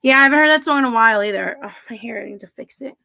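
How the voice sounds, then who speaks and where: A woman's voice: a little high, racing, creaky, sharp tone. A woman chatting casually on a live stream, answering her chat bluntly and swearing freely. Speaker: livestreamer reading chat.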